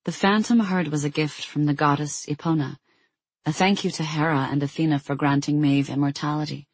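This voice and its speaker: A narrator voicing a calm warrior woman who speaks in a low, soothing murmur. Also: fairly quick, no echo, natural voice. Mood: gentle.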